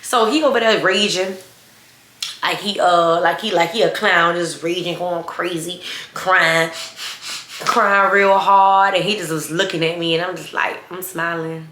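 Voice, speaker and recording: A young woman vlogger telling a story in casual chat, blunt, sassy and animated, often laughing. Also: on the low side, unhurried. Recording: roomy echo.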